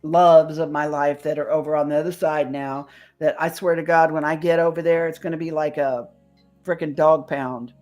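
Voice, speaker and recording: A woman's voice: low voice, fairly even intonation, normal speed, darkish tone, lo-fi sound. A woman chatting casually on a streamed show, telling stories with some mild swearing. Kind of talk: casual chat. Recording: faint music behind.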